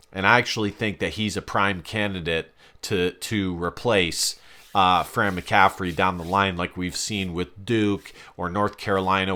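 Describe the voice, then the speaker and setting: A man's voice: on the low side, sharp tone. A man giving casual reaction commentary on a basketball game as a sports vlogger, emphatic and repeating phrases for stress.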